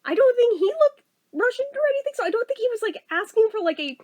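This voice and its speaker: Chatty high-voiced woman telling a story. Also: very animated, quick pace, darkish tone. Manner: chatty, exasperated, swears and laughs often. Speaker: vlogger. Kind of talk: casual storytelling.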